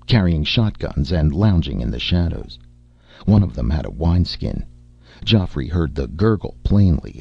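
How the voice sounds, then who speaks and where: A man reading a story aloud in measured, expressive narration, in a dull lo-fi recording. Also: sits low, creaky, slightly rough, dry recording. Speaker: audiobook narrator. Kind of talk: scripted narration.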